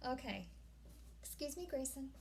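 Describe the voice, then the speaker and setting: A woman vlogging a casual unboxing at home, gushing and easily excited, often breaking off mid-sentence. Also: high-pitched, moderate pace, vocal fry, slight background noise. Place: home room.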